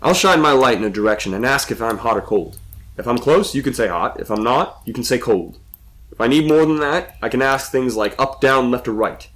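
A man's voice: mid-range voice, lively intonation, brisk, fairly bright tone, natural voice. A man playing a frustrated young man trapped in a cave, firing off urgent questions at a mysterious voice. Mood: practical.

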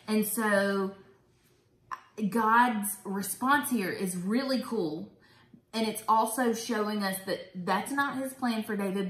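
A woman's voice: medium pitch, a bit bright. A woman hosting a casual Bible study talk, chatty and enthusiastic. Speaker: host. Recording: roomy echo.

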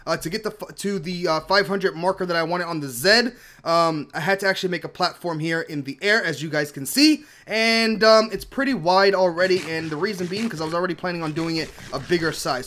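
A young man casually commenting on his own game play, rambling and breaking into excited shouts. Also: sits high. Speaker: gaming channel host. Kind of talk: Minecraft let's play commentary.

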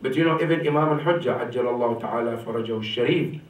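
Emphatic preacher man in an echoey hall. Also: quick pace. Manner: emphatic, rising sharply on key points and dropping low on quotations; repeats rhetorical "right?" to the congregation. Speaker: sheikh giving a religious lecture. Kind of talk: sermon. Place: mosque or community center hall. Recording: echoey hall, mic from a distance.

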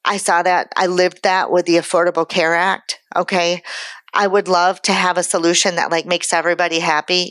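A woman's voice: on the low side, flat delivery, moderate pace, a bit bright, no room sound. A woman insurance broker giving a conference presentation, chatty and joking, laughing at her own asides. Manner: chatty, joking asides, self-deprecating humor.

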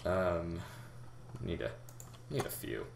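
A young man giving a rambling, halting game tutorial, full of fillers and restarts, talking as if out of breath. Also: deep voice, expressive, vocal fry. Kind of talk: casual gameplay tutorial. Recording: echoey room with loud background noise. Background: keyboard typing and mouse clicks.

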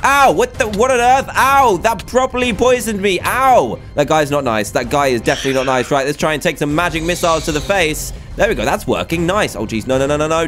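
A man hosting a video game let's play, excitable and chatty, exclaiming often. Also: fairly high pitch. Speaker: gaming video host.

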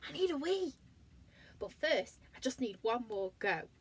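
A woman voicing a desperate, fidgety little boy bear who keeps pleading in a high squeaky voice. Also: big pitch swings, measured pace, husky, heavily acted.

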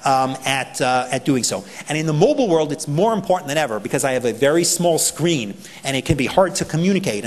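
A man with a New York accent, a privacy advocate, gives a lively conference talk, his voice a little high for a man. He acts out other people's reactions as he goes. A long reverb fills the sound, like a big lecture hall.

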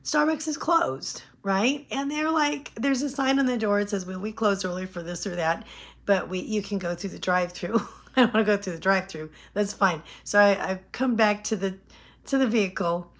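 A woman's voice: mid-range voice, normal speed. A woman in her fifties telling a funny personal story in a casual vlog, laughing often and acting out what people said. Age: 50s. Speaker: vlogger.

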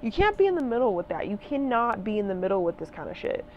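A very animated woman in her twenties rattles off a fast, furious vlog rant full of profanity, driving her points with repeated phrases. Her voice is mid-range, and the muffled recording picks up some background noise.

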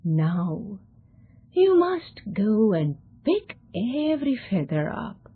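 A woman voicing a wise, compassionate old man who speaks in a soft, half-whispered, measured way. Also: medium pitch, sing-song, breathy edge, full character voice. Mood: solemn. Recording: tinny phone-like recording.

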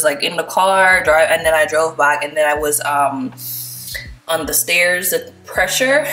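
A young woman from Jamaica, chatting excitedly and directly to her viewers in a casual vlog. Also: on the low side, echoey room, poor audio. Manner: excitable, talks straight to viewers. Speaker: vlogger.

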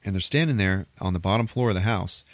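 A man with a deep voice retells a horror movie scene by scene, swearing freely and acting out the twists. His voice is close and dry, with no room sound at all. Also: fast, dry recording. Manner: profane, animated storytelling. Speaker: podcast host. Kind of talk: casual movie plot retelling.

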